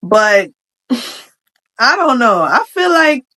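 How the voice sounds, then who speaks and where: A young adult woman giving casual commentary on a Reddit post, chatty and slangy, with frank opinions and quick asides. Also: on the high side, big pitch swings, bright, forceful tone. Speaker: vlogger reacting to a Reddit post.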